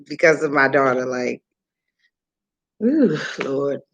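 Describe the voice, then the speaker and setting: A woman's voice: rumbling low, expressive, slow, dull audio. A woman in her thirties, a mother on a casual livestream, venting in a profane, rambling, exasperated way. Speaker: livestreaming parent. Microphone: phone or webcam, livestream.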